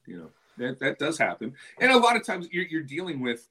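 A man's voice: medium pitch, sing-song, quick pace, hardly any pauses, bright, forceful tone, breathy edge. A man who works as a play-by-play announcer, talking as a podcast guest over a video call, telling stories with frequent laughs and restarts. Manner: chatty storyteller, laughs often, restarts phrases. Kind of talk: casual chat.

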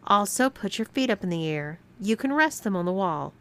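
A woman's voice: medium pitch, lively intonation, moderate pace, a bit bright. A woman voicing a bossy young woman who mocks and gives orders, with a teasing, commanding manner.

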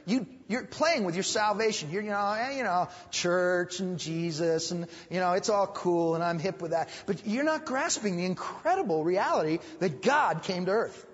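A male pastor teaches Sunday school in a church hall with an emphatic preaching style, repeating phrases and raising his voice to drive points home. His high voice has a breathy edge, moving at normal speed with hardly any pauses. The recording is dull, with long hall reverb.

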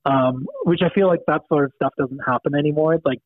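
A man's voice: a little high, brisk, dry recording. A man with a Manchester accent telling a ghost story in casual chat, rambling and laughing, with lots of ums. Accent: Manchester English. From England. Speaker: podcast guest storyteller. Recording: dry, tinny phone-like line.

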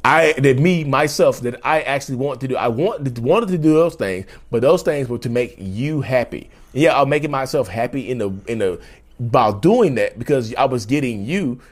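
A man's voice: mid-range voice, animated, moderate pace. Rambling, joking man vlogging from home. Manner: rambling, joking, restarts and self-corrections. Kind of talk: casual talking-head monologue. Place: home, indoors.

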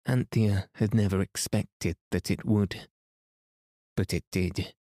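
Low, slow, calm male bedtime reader. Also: no room sound, clean studio sound. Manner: calm, soothing. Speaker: podcast host, reader. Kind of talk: slow bedtime story narration.

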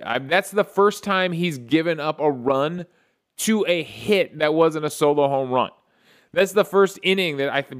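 A man hosting a podcast, recapping a baseball game in a casual solo talk with excited play-by-play storytelling and frequent restarts. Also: a little high, clear, resonant tone. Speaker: podcast host.

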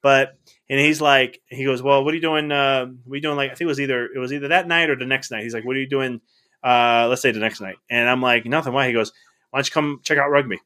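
Male guest, middle-aged, quick and bright, animated storyteller who acts out the dialogue. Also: mid-range voice. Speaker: podcast guest. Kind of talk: casual storytelling.

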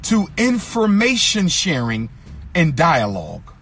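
A man giving an impassioned speech, repeating lines in an emphatic rhythm and sometimes singing or shouting phrases. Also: fairly high pitch, wildly swooping pitch, slow pace, a little hiss or hum. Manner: occasionally sings or shouts phrases. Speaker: speaker addressing an audience.

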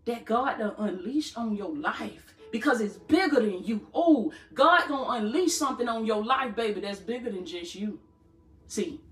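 A woman's voice: fairly high pitch, fairly bright tone, reverberant. A woman preaching a sermon in a fervent, rhythmic style, repeating phrases and calling her listeners "baby" in casual speech. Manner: colloquial, calls listeners "baby". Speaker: preacher and podcast host. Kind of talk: live-streamed sermon.

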